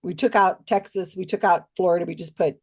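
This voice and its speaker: A woman guest on a podcast, telling a story expressively with many restarts and asides. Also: slightly rough. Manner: expressive, swings pitch widely when recounting others; talks in quick restarts and asides. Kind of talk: animated storytelling in a casual interview.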